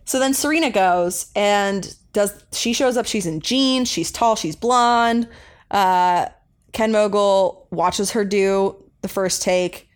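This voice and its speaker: A woman's voice: medium pitch, takes it slowly. A young woman co-hosting a podcast, chatting casually and rambling with lots of fillers as she recaps an episode. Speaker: podcast co-host.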